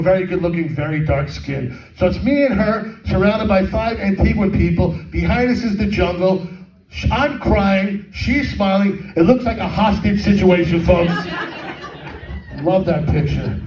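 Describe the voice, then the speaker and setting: A man's voice: high-pitched, moderate pace, a little mellow. A middle-aged man doing a stand-up comedy set, with crude, rambling, self-mocking crowd work. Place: comedy fundraiser hall with live audience. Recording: echoey hall with audience, mic at a distance.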